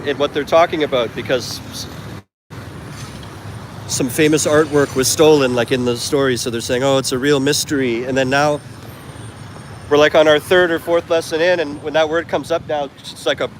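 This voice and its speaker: A man's voice: fairly high pitch, steady tone, moderate pace, long pauses. Chatty man vlogging on a busy street. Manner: rambling, chatty, self-correcting asides. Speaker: travel vlogger. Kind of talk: casual walking vlog. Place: busy city street market outdoors. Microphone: handheld phone. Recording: street noise behind the voice. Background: traffic and street noise.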